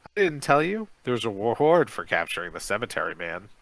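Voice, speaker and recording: A brave, commanding uncle from a children's gamebook, voiced by a man reading aloud. His low, bright tone is recorded dry and close to the mic. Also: very animated, a little fast, creaky, no echo, exaggerated voice, rough recording. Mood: determined. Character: brave adult male uncle, determined.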